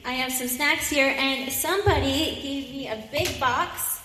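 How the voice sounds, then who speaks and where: A high-pitched woman talks young children through a church children's message, upbeat and coaxing. Her voice carries through a large, echoey sanctuary with a long hall reverb and a faint hum of room ambience. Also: unhurried, bright, forceful tone. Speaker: children's sermon leader. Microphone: handheld microphone.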